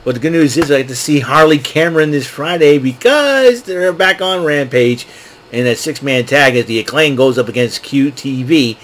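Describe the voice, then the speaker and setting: A man hosting a casual wrestling recap show, excitable and laughing often as he acts out what wrestlers said. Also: mid-range voice, normal speed, slight background noise. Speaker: wrestling podcast host.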